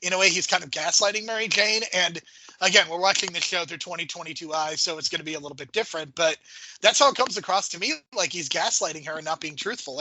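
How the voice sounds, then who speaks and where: Podcast cohost guy, slightly high bright voice, breaks things down calmly. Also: no room sound, rough recording. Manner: measured, analytical critique. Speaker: podcast co-host. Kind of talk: casual chat.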